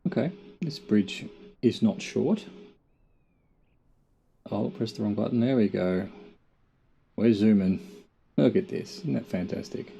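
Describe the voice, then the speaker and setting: A man's voice: fairly low pitch, unhurried, creaky, long pauses, warm tone, highs cut off, slight background noise. A middle-aged Australian man giving casual gameplay commentary, muttering to himself with dry, self-mocking jokes. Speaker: gamer.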